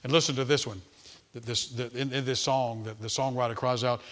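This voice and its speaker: Bright-voiced man preaching a sermon. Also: medium pitch, steady tone, fairly quick. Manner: dynamic preaching, swings from loud emphasis to hushed tones; repeats words and restarts when speaking off the cuff.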